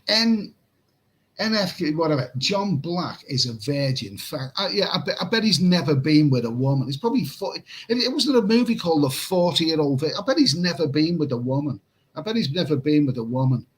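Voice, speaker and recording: A man's voice: a little high, lively intonation, fairly quick, husky, low-quality recording. A man hosting a late-night livestream and reading chat comments in a casual, rambling way. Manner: rambling, repeats himself, chuckles at chat comments. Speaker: livestream host. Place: room in Pattaya at night.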